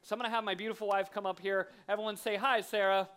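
Man, 30s, guest preacher, humorous sermon, lively, acts out scenes. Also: high-pitched, fast talker, clean tone. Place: church sanctuary.

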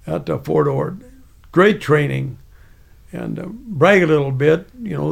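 Gravelly older man telling war stories. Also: fairly high pitch. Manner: rambling, chuckling, with restarts. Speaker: veteran storyteller. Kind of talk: casual spoken anecdote.

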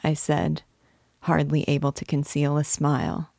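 A woman giving an unhurried literary reading of a novel. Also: sits low, vocal fry, mellow, no echo, clean studio sound. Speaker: reader.

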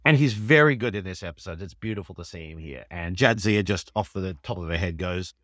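Enthusiastic low-voiced man, dry sound. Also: a little fast, few pauses, no echo. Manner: enthusiastic, animated storytelling with laughs. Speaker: podcast co-host. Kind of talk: casual chat recapping an episode.

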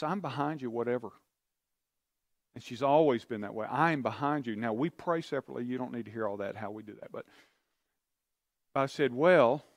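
A man's voice: mid-range voice, no room sound, studio quality. A man preaching a sermon, telling a personal story in an earnest, confiding way and acting out his own prayers and conversations. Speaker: pastor.

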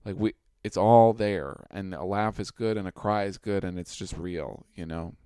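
A man's voice: deep voice, moderate pace, dark tone, smooth, dry recording, studio quality. A young man co-hosting a podcast in goofy, rambling casual chat, calling out mock film-set cues. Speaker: podcast co-host.

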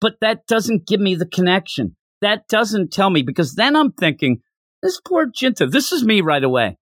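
Animated male anime-review host, voices the characters as he goes, lively pitch, dry sound. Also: no room sound. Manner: animated, acts out characters' lines in quick bursts. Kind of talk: casual chat.

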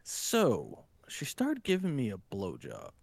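A young man hosting a podcast, telling a crude story in a casual, profane, animated way and acting out the scene. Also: mid-range voice, slow, creaky, slightly rough, no echo. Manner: animated storyteller, acts out the scene, laughs hard. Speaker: podcast host.

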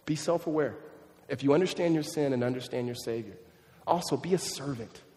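A pastor around thirty preaching a sermon in a conversational, animated way, mixing in humorous family stories. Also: male voice, medium pitch, brisk, big-room sound.

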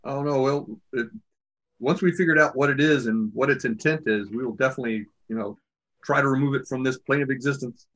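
A man's voice: medium pitch, brisk, fairly bright tone. A man playing a healer character in a tabletop game, speaking politely and formally in character. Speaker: player. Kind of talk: in-character role-play.

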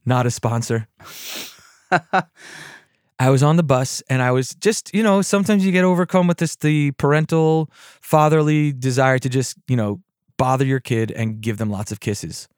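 A man hosting a podcast on mindful listening, calm and unhurried with self-mocking humor, who moves into guiding a meditation. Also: mid-range voice, no echo, studio quality. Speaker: podcast host and meditation teacher. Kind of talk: reflective podcast talk and guided meditation.

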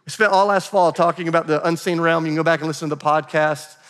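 An earnest man preaches in a slightly high voice, and it carries a long reverb through a church hall. He talks straight to the people in front of him, calls them "guys," and presses every point home. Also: steady tone, fast, fairly bright tone. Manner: earnest, direct, addresses the room as "guys". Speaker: pastor. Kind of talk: sermon. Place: church sanctuary.

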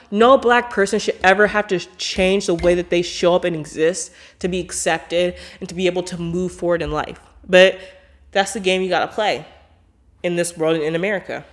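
A woman hosting a podcast in a casual monologue, blunt, emphatic and profane, filling her talk with "like". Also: on the low side. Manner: animated, with frequent "like" fillers. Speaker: podcast host.

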